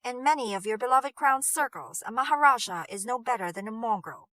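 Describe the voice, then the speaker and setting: A woman's voice: a little high, lively intonation, a little fast, sharp tone, no room sound. A woman voicing a sardonic young man who speaks in a cutting, sarcastic way. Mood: wry.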